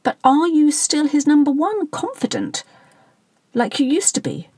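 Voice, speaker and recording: A woman reading the part of a practical, sharp-tongued middle-aged wife with a brisk manner. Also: high voice, big pitch swings, dry recording, pitched above the performer's own voice.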